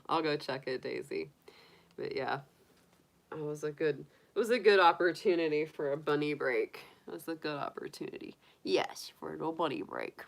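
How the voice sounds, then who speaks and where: A woman with a deep, creaky voice hosts a casual tarot-reading livestream, cooing baby talk to her pet rabbit and chatting with her viewers.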